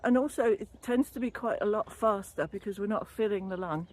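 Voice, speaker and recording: A breathless older woman chats while walking outdoors along a canal, rambling and chatty, laughing easily. Her medium-pitched voice is fairly quick with a darkish tone. She's a wellbeing vlogger and former yoga teacher trainee doing casual walking vlog talk, recorded on a built-in camera or phone mic with no separate microphone.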